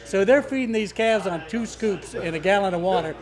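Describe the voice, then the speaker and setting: A man's voice: sits high, lively intonation, brisk. A man telling an amused, chuckling story at a birthday gathering. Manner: amused, chuckling while explaining. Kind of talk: casual storytelling. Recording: crowd chatter behind.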